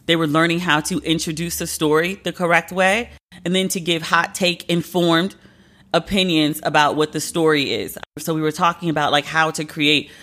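A woman's voice: low-pitched, steady tone, normal speed, fairly bright tone. A woman in her late thirties hosting a podcast alone, telling a story in a candid, profane, exasperated way. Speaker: podcast host. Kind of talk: casual solo podcast monologue.

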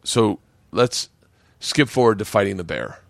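Man, podcast host, comic storyteller, swearing, very lively pitch, dry studio sound. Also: a little slow, vocal fry, no echo. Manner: lively, swearing, acts out the voices in his story.

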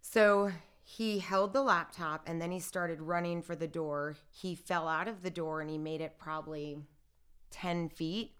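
Here a female interview guest chats casually about her own experience in a clear, resonant voice that sits on the low side, moving at a measured pace. Her retelling is lively, voicing what others said, and it's packed with fillers like "like" and "I'm like."

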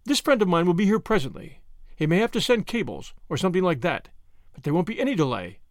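A man voicing a bold young woman detective who speaks quietly and soothingly in a storybook reading. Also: high voice, fast talker, no echo, studio quality. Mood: calm. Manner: calm, quiet and coaxing. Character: quick-witted bold young woman sleuth.

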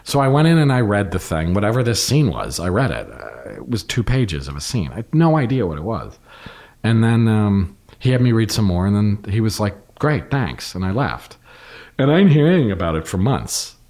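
A middle-aged man, an actor, telling stories in a candid, casual conversation, acting out quotes and swearing freely. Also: fairly quick. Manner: animated, acts out quotes with big pitch jumps. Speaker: actor, podcast guest.

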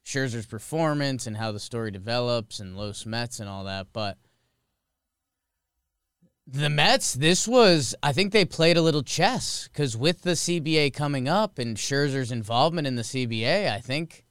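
A man's voice: medium pitch, measured pace, clear, resonant tone, dry recording, studio quality. A man co-hosting a podcast, chatting casually and jokily about sports. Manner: animated, joking, rambling. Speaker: podcast co-host.

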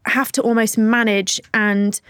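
A woman's voice: a little high, little pitch movement, measured pace, fairly bright tone, clean tone, no echo, studio quality. A young woman hosting a podcast interview, asking thoughtful questions and adding short supportive affirmations. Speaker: podcast host.

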